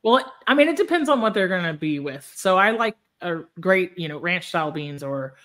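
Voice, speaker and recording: A woman's voice: on the low side, very animated, moderate pace, a bit bright. Chatty woman podcaster. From Texas. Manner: chatty, laughs easily. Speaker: podcast co-host. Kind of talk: casual chat.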